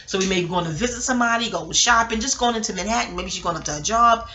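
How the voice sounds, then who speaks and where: A woman talks in a bright, clear voice. She rambles and digresses, swears casually, and gets openly emotional, and her pitch sits in an ordinary middle range for a woman. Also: fast talker. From New York, Queens. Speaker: vlogger reviewing a film. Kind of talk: rambling monologue. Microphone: audio-only recording.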